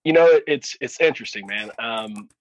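Man, podcast guest, reflective, mid-range pitch, dry sound. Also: animated, fairly quick, no room sound, poor audio. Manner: reflective, with restarts and repeated words. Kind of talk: casual interview chat.

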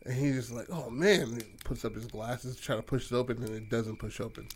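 A man's voice: mid-range voice, flat delivery, fairly quick, darkish tone. A man casually telling a rambling horror story idea to a friend, full of fillers and swearing. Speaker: podcast co-host pitching a horror story.

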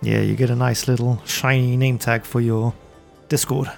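Gravelly-voiced man, laid-back. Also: medium pitch, level tone, normal speed, soft background music. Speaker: game master and co-host. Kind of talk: casual chat and game narration.

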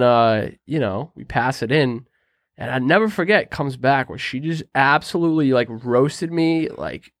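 A man's voice: medium pitch, no room sound, clean studio sound. Slangy young man telling stories. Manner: animated storyteller, slangy, says "right?" a lot. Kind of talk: casual storytelling chat.

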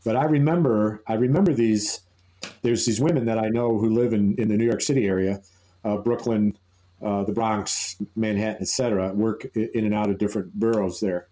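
A man's voice: on the low side, steady tone, brisk, dark tone, rough recording. A man co-hosting a podcast, telling an amused, rambling anecdote full of restarts. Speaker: podcast co-host. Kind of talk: casual storytelling chat.

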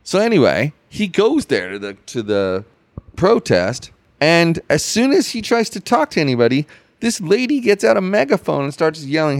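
A man rants on his podcast in a rambling, sarcastic way, his pitch swinging up and down with emphasis. He talks casually and restarts his sentences often. The recording is dry and close, with no room sound. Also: very animated, moderate pace, no room sound. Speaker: podcast host. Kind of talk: casual ranting chat.

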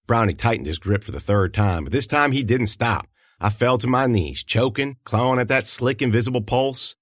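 A man's voice: medium pitch, moderate pace, few pauses, dry recording, clean studio sound. A man giving a folksy, first-person audiobook narration. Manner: folksy, lively storytelling.

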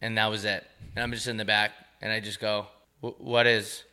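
A man in his twenties from Long Island co-hosting a podcast, telling stories in a dry, deadpan way. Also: lowish voice, quick pace, clear, resonant tone. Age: 20s. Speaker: podcast co-host. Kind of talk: casual chat.

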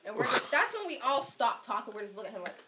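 A woman guesting on a podcast, telling a wild story in a casual, animated way and repeatedly insisting that others listen. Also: a little high, fast talker, a crowd in the background.

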